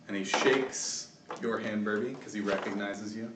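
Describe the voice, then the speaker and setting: A man's voice: fairly low pitch, steady tone, normal speed, noisy background. A man narrating as game master at a tabletop game, hesitant, with many ums and restarts. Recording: echoey room, far from the mic.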